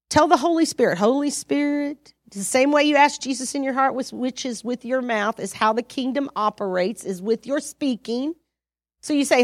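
A woman preaching a sermon, animated and exhorting, acting out her own prayers and conversations with sudden loud rises. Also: fairly high pitch, dry recording, studio quality.

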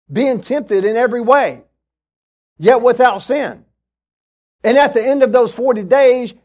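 High-voiced preaching pastor, man. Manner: preaching with rising shouts and call-outs; storytelling with asides. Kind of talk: sermon.

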